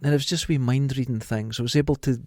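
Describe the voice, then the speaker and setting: A man's voice: medium pitch, quick pace, no room sound, clean studio sound. A middle-aged Scottish man on a podcast, telling stories in casual chat and acting out what people said. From Scotland. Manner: animated storyteller acting out quotes. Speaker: podcast host.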